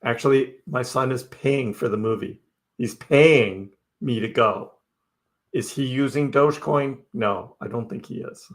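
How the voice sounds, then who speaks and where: Speaking a little slowly in a mid-range voice, a middle-aged man runs a crypto livestream. He answers viewer chat in a chatty, wry way, cracking jokes and laughing frequently.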